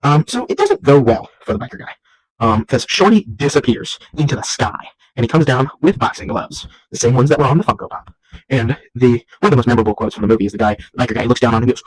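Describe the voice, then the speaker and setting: A man's voice: mid-range voice, lively intonation, fairly quick, rough recording. A young man hosting a casual comedic vlog at home, rambling and jumping into silly voices. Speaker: vlog host. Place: at home while folding laundry.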